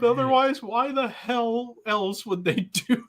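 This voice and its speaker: A man's voice: extremely high pitch, slow pace. A man hosting a casual chat, telling stories animatedly and acting out the quotes. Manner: animated storyteller, acts out quotes. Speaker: host.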